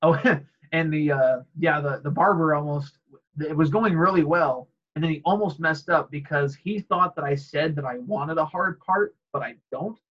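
A man's voice: on the high side, moderate pace, muffled recording. A man in casual chat, rambling and laughing often as he acts out quoted exchanges.

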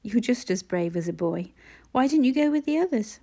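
An injured young boy from a storybook, plucky and friendly, speaking weakly but with hearty schoolboy phrases, as a woman reading aloud puts him on. His tone stays mellow and soft. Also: on the high side, animated, normal speed. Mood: feeble, friendly.

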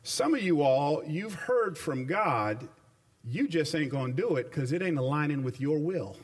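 A man preaching a sermon, emphatic, slowing down for stressed phrases and then racing ahead, with casual, colloquial asides. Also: fairly high pitch, lively intonation, husky. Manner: emphatic, shifts between slow stressed phrases and rapid runs.

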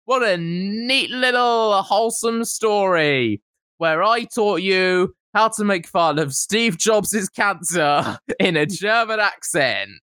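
Podcast co-host, sarcastic and teasing, dry close sound. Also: male voice, sits high, animated, slow, bright, forceful tone, smooth, dry recording. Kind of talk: casual chat.

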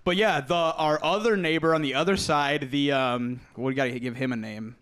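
A man's voice: a little high, moderate pace, a bit bright, smooth, no echo. A young man telling a story in a casual chat, laughing often, swearing and acting out quotes. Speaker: podcast co-host.

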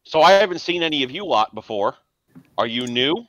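A man's voice: fairly high pitch, expressive, fairly quick, a bit bright, no room sound, voice pushed up. A man voicing a burly, cocky male vampire gang leader who talks slangy and teasing. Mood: wary.

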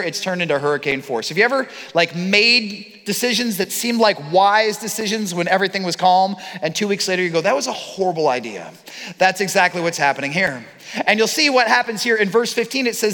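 A man preaching a sermon as pastor, telling stories with lively acted-out quotes. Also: high-pitched, fairly quick. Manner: animated storytelling with acted-out quotes. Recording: long reverb of a large hall.

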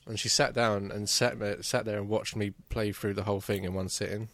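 Man, low voice, rambling casual gaming chat, lots of ums and restarts. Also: fairly even intonation, a little fast, a bit bright. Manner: rambling, many fillers and restarts, swears.

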